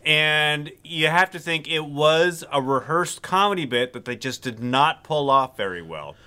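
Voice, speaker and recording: A man co-hosting a podcast in casual chat, recapping a story in a measured, explanatory way. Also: on the high side, expressive, pushed and bright, clean tone. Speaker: podcast co-host.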